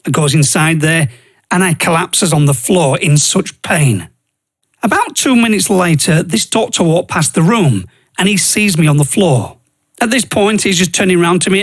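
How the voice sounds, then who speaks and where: A man's voice: high voice, a bit bright. A man, hosting a podcast and earnestly telling a personal faith story in a plain, conversational way. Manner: earnest, conversational, uses regional grammar like "I goes". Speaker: podcast host.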